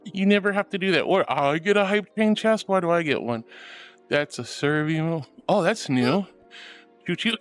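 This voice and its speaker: A woman's voice: on the low side, lively intonation, normal speed, soft background music. A woman streaming from home, chatting casually with her viewers in a bubbly, affectionate, giggly way. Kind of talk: casual livestream chat reading comments.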